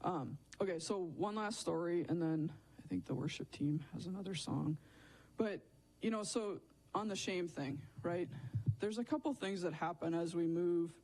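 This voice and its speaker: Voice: mid-range voice, moderate pace, a little mellow, rough recording. A speaker giving a sermon at a church service in a candid, conversational way, often tagging thoughts with "right?" and "like". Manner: conversational, frequent "right?" and "like" tags; self-deprecating, candid.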